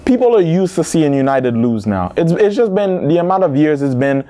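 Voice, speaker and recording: A man with a somewhat high-pitched voice hosts a football news roundup. He talks in an animated, slangy way, speaking straight to his viewers as if they were friends. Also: normal speed. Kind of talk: casual football news commentary.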